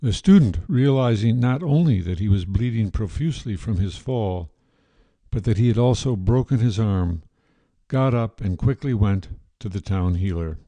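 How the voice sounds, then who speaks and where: Calm podcast guy reading a story, really mellow dark voice, dry close sound. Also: lowish voice, moderate pace, dry recording. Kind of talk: scripted story narration.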